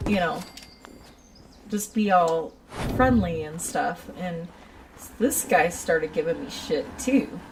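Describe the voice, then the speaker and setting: A woman's voice: fairly low pitch, slow, long pauses, distant mic, background noise. Woman telling a work story, off-mic. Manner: animated, acts out customers' voices, laughs often. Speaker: retail shoe store worker. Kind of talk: casual storytelling.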